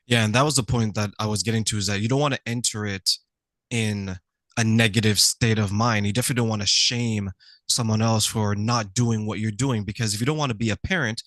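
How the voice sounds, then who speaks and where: A man hosting an interview show, talking calmly and agreeing with his guest. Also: fairly low pitch, brisk, dry recording. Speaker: host. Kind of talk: interview talk.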